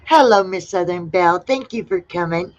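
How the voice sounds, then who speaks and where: A woman hosting a casual livestream, reading out viewers' answers one by one in a relaxed way. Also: lowish voice, normal speed. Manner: relaxed, reads out chat replies one by one. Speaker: livestream host. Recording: dull lo-fi sound.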